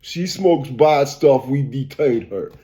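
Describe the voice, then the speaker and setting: A man's voice: medium pitch, expressive, takes it slowly, warm tone. A man voicing a stern male Russian official in a mock Russian accent, speaking clipped, broken English and bargaining bluntly.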